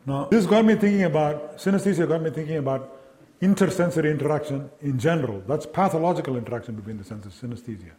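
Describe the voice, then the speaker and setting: Man giving a lively lecture. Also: fairly high pitch, fast talker. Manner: lively, engaging, asks the audience questions; acts out sounds and quoted voices. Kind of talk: academic lecture to a live audience.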